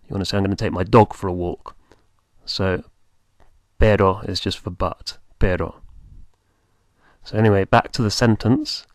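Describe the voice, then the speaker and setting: Male tutor, unhurried drills and spelling, dry studio sound. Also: on the low side, no room sound. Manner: patient, repeats and spells words out. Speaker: language teacher. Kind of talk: beginner language lesson.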